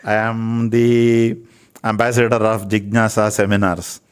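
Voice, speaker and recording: A man's voice: lowish voice, level tone, unhurried, clean tone. An older man with an Indian English accent, speaking as an interviewed Ayurvedic physician in an earnest, preachy way, repeating phrases for emphasis. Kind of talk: earnest spiritual talk.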